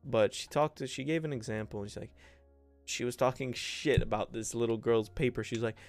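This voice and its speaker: A young podcast host spins loose, joking stories about school, throwing in "bro" and playing the people he talks about. His voice is smooth with a gravelly fry. Soft music plays faintly behind him. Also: mid-range voice, steady tone, fairly quick, dry recording. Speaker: podcast host and content creator. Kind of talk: casual solo podcast storytelling.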